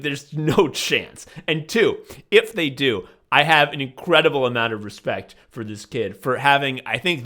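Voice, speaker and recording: A man's voice: medium pitch, a bit bright. A young man from the Chicago suburbs telling a profane, sardonic story as a podcast co-host. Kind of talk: casual chat, storytelling.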